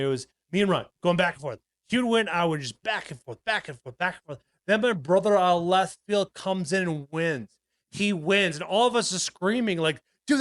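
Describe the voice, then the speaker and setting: With a high-pitched, somewhat bright voice, a thirtysomething man co-hosts a podcast, telling rambling, profane stories full of restarts. The casual chat is recorded studio-clean, without echo.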